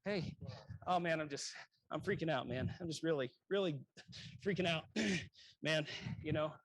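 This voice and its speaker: A man's voice: fairly high pitch, normal speed, fairly bright tone, no echo. A man acting out a nervous, agitated male patient who rocks, sweats and keeps repeating himself. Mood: anxious.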